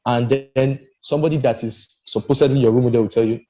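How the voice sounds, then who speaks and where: Mellow man talking animatedly. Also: medium pitch, fast, low-quality recording. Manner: animated and emphatic, rambling with restarts. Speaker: podcast panelist. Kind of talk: casual discussion.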